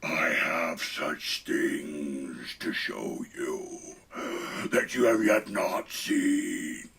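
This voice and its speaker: A man voicing a menacing male horror demon who speaks in a slow, low, whispery way. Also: expressive, creaky, fairly bright tone, a little hiss or hum, full character voice.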